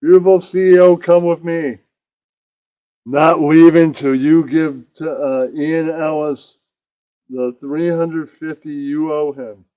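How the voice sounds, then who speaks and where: A man playing a booming, pompous security guard. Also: steady tone, slow pace, warm tone, clean tone, no echo. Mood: self-important. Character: pompous self-important male security guard. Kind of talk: puppet comedy skit.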